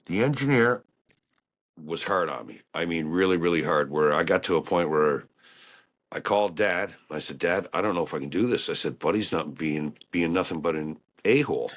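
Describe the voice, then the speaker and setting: A man telling stories about working on ships in a casual, animated way. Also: low-pitched, normal speed. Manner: animated storyteller who acts out quotes. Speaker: guest, ship engineer. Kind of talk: casual storytelling chat.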